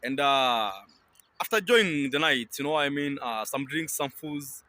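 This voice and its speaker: A man's voice: medium pitch, moderate pace, sharp tone, no room sound. A man hosting a compilation channel, telling a story hesitantly with many ums and filler phrases. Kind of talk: casual storytelling.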